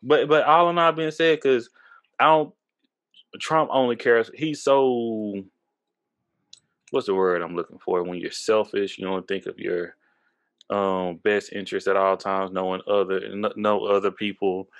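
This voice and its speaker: A man from Texas in his thirties, hosting a podcast, talking politics in a loose, profane way and going high when he gets worked up, a little tipsy from drinking. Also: steady tone, a little slow, a bit bright. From Texas, USA. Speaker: podcast host. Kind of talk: casual political chat.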